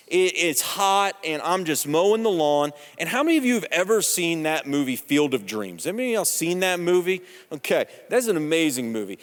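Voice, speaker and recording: High-voiced pastor preaching in a hall. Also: male voice. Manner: conversational, humorous, animated storytelling. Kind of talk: sermon with personal stories. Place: church sanctuary. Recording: long church hall reverb.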